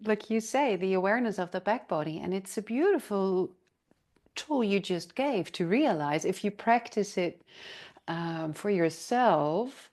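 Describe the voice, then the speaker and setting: A woman's voice: medium pitch, expressive, measured pace, a little mellow. A woman hosting a podcast, reflecting thoughtfully and affirming her guest's ideas. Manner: thoughtful, affirming, lots of agreement. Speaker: podcast host.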